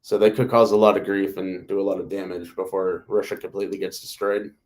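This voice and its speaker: A man with a lowish voice hosts a loose live chat. He rambles from point to point and keeps dropping "like" and "you know" into his sentences. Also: flat delivery, brisk. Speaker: host. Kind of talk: casual live discussion.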